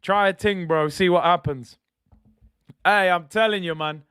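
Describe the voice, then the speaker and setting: High-voiced excitable football fan. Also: male voice, measured pace, smooth, no echo, studio quality. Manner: excitable, banters with chat, shouts at big moments. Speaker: football watch-along host. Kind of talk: live match reaction chat.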